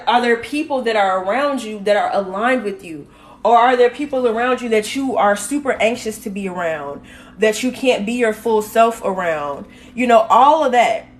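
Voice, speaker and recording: A woman spiritual coach, talking casually and directly to her livestream viewers, into a phone. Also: a little high. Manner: warm, direct, uses "y'all" and "baby".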